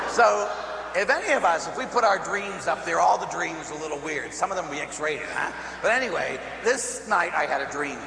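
Animated priest telling a story in an echoey hall. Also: male voice, sits high, vocal fry. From Pittsburgh, USA. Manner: animated storyteller, acting out voices and laughing. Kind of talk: storytelling sermon. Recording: echoey hall with faint hum.

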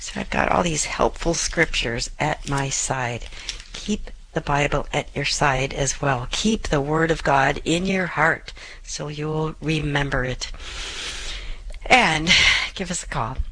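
Woman radio host, quick and chatty, lowish pitch, a bit throaty, clears her throat. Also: fairly bright tone, a little hiss or hum, low-quality recording. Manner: fast-talking, chatty, clears throat often. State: choking on saliva, throaty. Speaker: radio advice show host and life coach. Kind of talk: call-in radio advice show.

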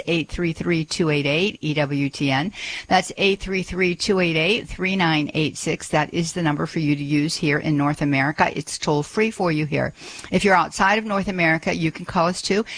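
A woman's voice: lowish voice, fairly bright tone, no room sound. A woman hosting a live call-in radio show, talking in a chatty way with frequent fillers into a studio microphone.

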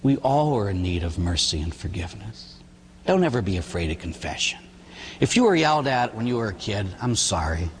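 A man who is a priest, giving an animated sermon and acting out quotes, often ending lines with "huh?". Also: fairly low pitch, fairly quick, slight background noise. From Pittsburgh area, USA. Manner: animated storytelling with acted quotes and "huh?" tags. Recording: long hall reverb.

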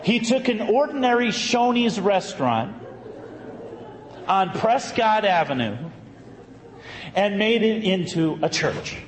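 Animated male priest in an echoey hall. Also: sits high, slow pace, long pauses, background noise. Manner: animated, conversational storytelling with sudden emphatic bursts. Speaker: Catholic priest. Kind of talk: storytelling sermon. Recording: echoey hall, faint ambience.

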